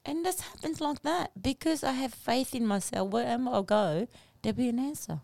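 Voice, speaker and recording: An earnest woman podcast host tells a personal story with animated, plain phrasing. Her voice sits fairly high with a mellow tone, recorded close and dry on a podcast mic. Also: normal speed, gravelly, no room sound. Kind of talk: casual chat, storytelling.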